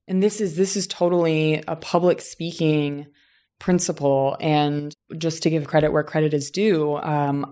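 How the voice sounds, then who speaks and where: Woman from Southern Indiana, lowish voice, reflective, casual chat, frequent restarts. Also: darkish tone. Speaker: teacher and voice coach. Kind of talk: casual conversation.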